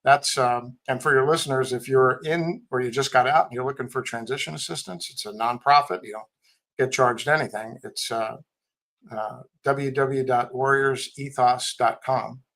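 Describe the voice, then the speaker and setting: A man's voice: mid-range voice, fairly even intonation, moderate pace, fairly bright tone, poor audio. A middle-aged man, a Marine veteran and company head, telling candid stories in a casual podcast interview with a blunt, wry manner. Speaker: guest, tech company CEO and Marine veteran.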